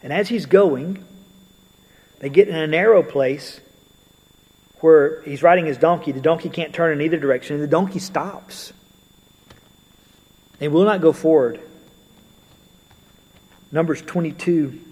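A man's voice: on the high side, a little slow, pauses often, a little mellow, husky, in a large hall, low-quality recording. A man preaching a sermon in a conversational way, with storytelling asides.

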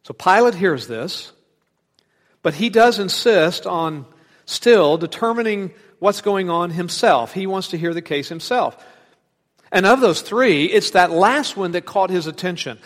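Male preacher, fairly high voice, animated delivery, long hall reverb. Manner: animated, dramatic shifts between loud emphasis and hushed asides. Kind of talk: expository sermon.

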